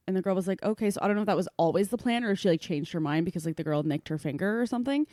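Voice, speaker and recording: A woman's voice: fairly low pitch, lively intonation, very fast, hardly any pauses, warm tone, no echo, clean studio sound. A woman co-hosting a casual podcast chat, telling a story and often dropping her voice to a whisper. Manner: often drops to a whisper when telling stories. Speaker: podcast co-host.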